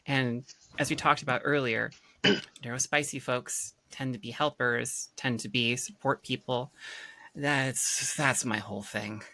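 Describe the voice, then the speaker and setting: A woman's voice: extremely low pitch, fairly even intonation, a little slow, bright, forceful tone, no room sound. A woman co-hosting a casual podcast chat, rambling and playful, often breaking into laughs. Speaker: podcast co-host.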